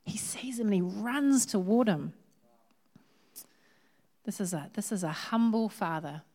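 A woman preaching a sermon. She keeps it chatty and lively, with jokes along the way. Her voice sits in a middle register. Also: mid-range voice, a little slow. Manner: lively, humorous, conversational.

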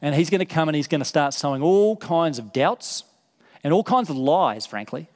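A man's voice: a little high, animated, moderate pace, a little mellow. Earnest male preacher in a reverberant hall. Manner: earnest, repeats words for emphasis. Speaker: pastor. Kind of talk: sermon.

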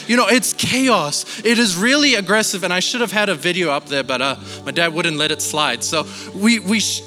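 Male preacher from Malaysia, slightly higher voice, animated sermon storytelling, hall reverb. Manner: animated storytelling, acts out shouting relatives.

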